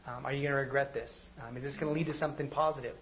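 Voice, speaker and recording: A man's voice: mid-range voice, rapid-fire. A man preaching in a casual, conversational way, telling stories and often checking in with "right?". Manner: animated storytelling with frequent "right?". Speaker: pastor. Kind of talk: conversational sermon. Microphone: recorded online service audio. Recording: slightly dull audio, faint noise.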